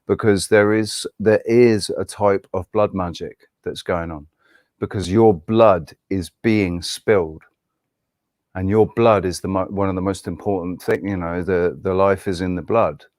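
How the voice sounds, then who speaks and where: A man in a casual group discussion, talking haltingly and restarting often as he searches for words. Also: low voice, steady tone, a little mellow, no room sound, studio quality.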